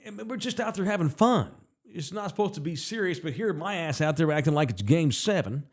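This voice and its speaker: Profane, animated male host. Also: a little high, brisk. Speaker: podcast host. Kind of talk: casual storytelling chat.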